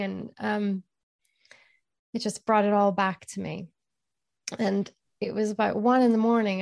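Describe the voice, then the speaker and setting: A woman guest telling a personal story in an interview, candid and emotional, unhurried. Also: medium pitch, gravelly, darkish tone, dry recording.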